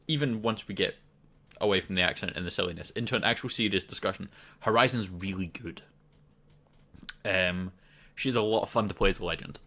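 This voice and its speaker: A man's voice: medium pitch, a bit bright. A Scottish man from Scotland hosting a casual gaming video, chatting loosely with frequent ums and restarts. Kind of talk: casual game commentary to camera.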